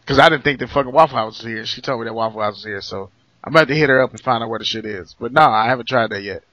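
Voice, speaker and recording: Quick-talking male co-host, bright forceful tone, animated joker. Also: medium pitch, no echo. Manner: animated, joking storyteller with slang and profanity. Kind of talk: casual chat. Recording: dull lo-fi sound.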